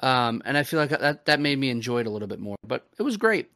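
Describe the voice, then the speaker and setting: A man's voice: medium pitch, very animated, quick pace, pushed and bright, dry recording, studio quality. A man hosting a podcast, recapping a wrestling show in loose, profane casual chat full of fillers. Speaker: podcast host.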